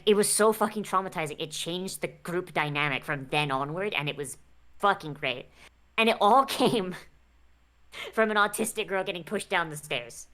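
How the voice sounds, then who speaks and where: Low-voiced woman rambling with casual swearing. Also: a bit bright. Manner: rambling, swears freely, lots of filler "like". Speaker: guest streamer. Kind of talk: casual chat.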